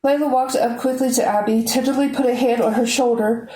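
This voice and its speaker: A woman reading a novel aloud in a steady, measured way. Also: fairly high pitch, roomy sound, rough recording. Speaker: audiobook reader.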